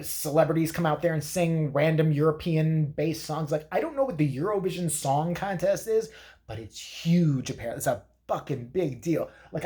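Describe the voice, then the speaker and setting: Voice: medium pitch, dark tone, close to an everyday voice. Someone playing a foul-mouthed rambling granny. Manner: crude, rambling, profane. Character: crude, opinionated old grandmother. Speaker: comedy vlog character. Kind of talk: comedic rant.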